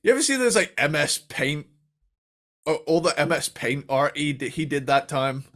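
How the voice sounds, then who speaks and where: A man's voice: on the high side, animated, normal speed, a bit bright. A man, co-hosting a podcast in casual chat, laughing often and quoting comedy lines. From England. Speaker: podcast co-host.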